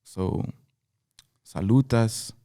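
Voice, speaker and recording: Stretching out his words in a lowish, mellow voice, the Cape Town rapper talks earnestly through his life story in an interview. He builds each point by repeating key phrases.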